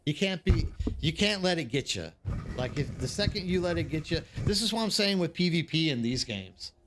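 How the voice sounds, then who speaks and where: A man's voice: fairly high pitch, sing-song, normal speed, background noise. A man hosting a live stream, telling rambling anecdotes to his chat with lots of fillers and restarts. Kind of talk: casual chat with viewers. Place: living abroad in South Korea.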